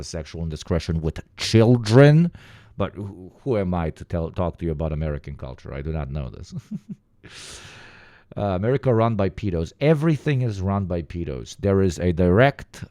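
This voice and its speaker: A man's voice: sits low, a little mellow, no room sound, studio quality. A young man streaming live, talking in crude, mocking, joking rants. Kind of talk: casual profane stream commentary.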